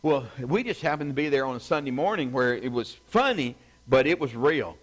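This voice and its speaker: A man's voice: mid-range voice, animated, fairly quick, low-quality recording. A middle-aged man, a pastor, teaching a church class in a loose, conversational way, full of fillers and asides. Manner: conversational, rambling, lots of fillers and "you know". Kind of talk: informal teaching talk with anecdotes.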